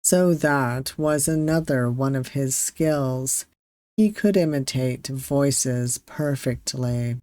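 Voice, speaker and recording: Super slow visual novel read-through, dry close sound, mid pitch. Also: darkish tone, clear, resonant tone, no room sound. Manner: slow, deliberate reading with asides. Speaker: game streamer. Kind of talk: reading a visual novel aloud.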